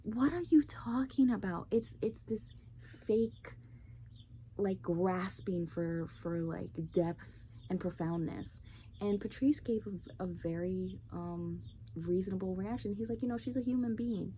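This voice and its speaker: A woman's voice: on the low side, slow, warm tone. A woman hosting her own show, ranting bluntly and profanely in a casual opinion monologue. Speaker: podcast host. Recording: faint background noise.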